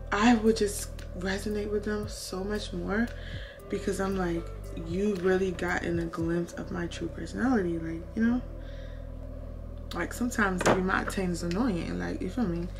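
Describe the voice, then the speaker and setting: A woman's voice: lowish voice, vocal fry. A woman in her twenties chatting to camera while doing her makeup, earnest and full of "like", giving faith-based advice to her viewers. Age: 20s. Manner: chatty and earnest, heavy use of "like"; faith-filled, advising viewers. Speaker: beauty vlogger. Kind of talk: casual chat to camera. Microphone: camera mic while doing makeup.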